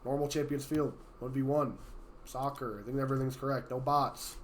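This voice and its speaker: A man hosting and casting a live gaming tournament in a casual, chatty way, his voice a little hoarse from being sick, with sudden loud excited outbursts. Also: medium pitch, normal speed, slight background noise. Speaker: tournament host and caster. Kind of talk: casual live-stream commentary.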